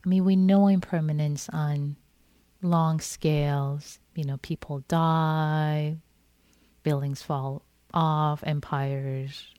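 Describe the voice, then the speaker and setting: A woman meditation teacher giving a gentle, repetitive dharma talk in which she acts out inner thoughts. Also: low voice, steady tone, slow, no room sound. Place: meditation hall.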